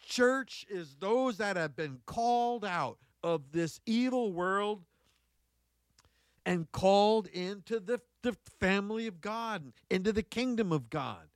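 A man's voice: high-pitched, animated, takes it slowly, no echo. A man preaching a sermon, reading Bible verses and breaking into folksy, conversational asides with exclamations, repeating key phrases for emphasis.

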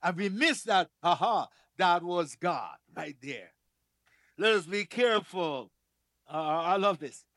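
A man preaching a sermon in a church, emphatic, repeating key phrases and swinging between loud declarations and soft asides. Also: sits high, expressive, unhurried, no room sound, studio quality.

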